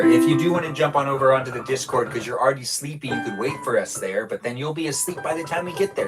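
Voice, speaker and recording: A man chatting playfully with his live-stream audience while gaming, rambling and full of energy. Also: mid-range voice. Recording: clear background music. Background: music.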